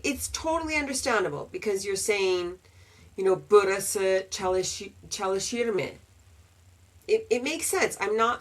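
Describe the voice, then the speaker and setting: A woman explains grammar at an unhurried pace, stretching out her words. She sits at a middle pitch and says each example sentence more than once, the way a patient teacher does. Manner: slow, deliberate, repeats example sentences. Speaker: English teacher.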